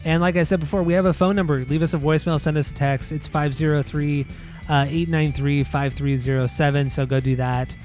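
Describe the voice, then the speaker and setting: A man's voice: fairly high pitch, fairly even intonation, a little fast, a little mellow, soft background music. A man co-hosting a casual podcast, joking and teasing, laughing often. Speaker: podcast co-host. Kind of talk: casual chat.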